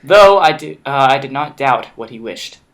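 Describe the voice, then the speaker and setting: Brief: casual gamer reading narration, trips over words, bright tone, mid pitch. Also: male voice, expressive, normal speed. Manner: reads narration with slips and restarts, laughs often. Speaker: game player reading the story aloud. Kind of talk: casual let's-play chat and reading aloud.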